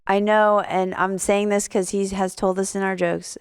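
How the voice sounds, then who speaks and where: Woman interviewer with a chatty, laughing delivery; smooth tone with a gravelly edge. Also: medium pitch, flat delivery, moderate pace, dry recording, studio quality. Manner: chatty, laughs often, many fillers. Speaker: podcast host and comedian. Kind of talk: casual interview chat.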